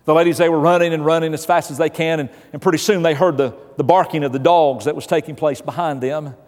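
A man preaching a sermon in a slightly high voice, building his point through repeated questions and a told story. The sound rings with a long hall reverb. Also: fairly even intonation, quick pace, a little mellow. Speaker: pastor.

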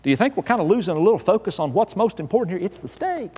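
A married man preaching a humorous sermon, telling a story with emphatic, animated delivery that swells into exasperated outbursts. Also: high-pitched, racing, a little hiss or hum. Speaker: pastor. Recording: reverberant hall.

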